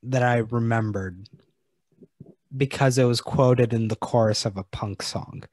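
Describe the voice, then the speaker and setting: A man's voice: medium pitch, steady tone, measured pace, darkish tone, no room sound, studio quality. A man co-hosting a film podcast in a casual chat. He is easygoing and hedges his points with "like". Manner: easygoing, hedging with "like". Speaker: podcast co-host. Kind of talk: casual movie discussion.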